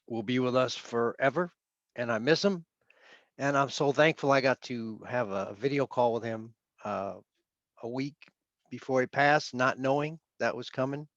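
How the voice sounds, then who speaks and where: A man from Queens, sharing stories of a departed friend and bandmate on a video call, often trailing off into soft pauses. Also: mid-range voice, no room sound. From Queens, New York. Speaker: friend and bandmate giving a tribute. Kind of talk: heartfelt remembrance on a video call. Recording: dull lo-fi video call audio.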